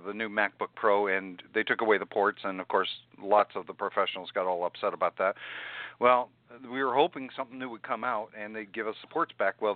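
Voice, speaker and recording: A man co-hosting a podcast, covering tech news in a playful, animated way. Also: dry recording. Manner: playful, animated, jumps in pitch when joking. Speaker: podcast co-host. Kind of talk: casual chat. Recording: dry phone-like sound.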